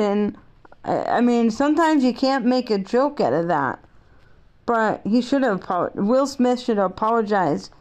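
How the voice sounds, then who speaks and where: A woman's voice: medium pitch, a little mellow. A middle-aged woman vlogging in a rambling, outspoken, opinionated casual monologue.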